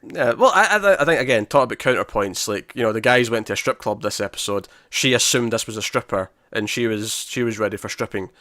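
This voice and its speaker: Man, animated podcast co-host. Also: on the low side, fast, few pauses, no echo, clean studio sound. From Scotland. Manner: animated, acts out lines from scenes. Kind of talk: casual chat.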